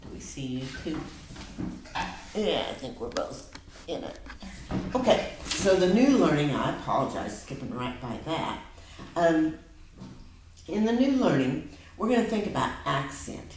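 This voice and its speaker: A woman's voice: sits low, sing-song, measured pace, pauses often, noisy background. A woman tutoring reading and spelling one-on-one, patiently explaining step by step. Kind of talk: one-on-one phonics lesson. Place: room with a whiteboard. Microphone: laptop camera on a table. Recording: very echoey room, from far off.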